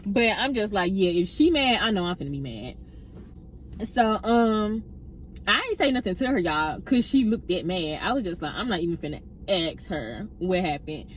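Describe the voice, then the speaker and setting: A young woman casually telling a personal workplace story, chatty and animated, often addressing listeners directly. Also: mid-range voice, moderate pace, a little hiss or hum. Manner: animated retelling with acted-out quotes.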